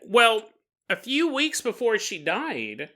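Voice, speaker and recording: A man's voice: high-pitched, huge pitch swings, slow, sharp tone. A man hosting a podcast, telling a paranormal story casually with joking asides. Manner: joking asides, chuckling between lines. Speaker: podcast host.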